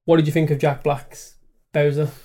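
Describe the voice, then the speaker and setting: A man's voice: a little high, flat delivery, normal speed, mellow. A man co-hosting a podcast, chatting casually and calling his co-host "mate". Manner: chatty, says "mate" a lot. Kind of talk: casual chat.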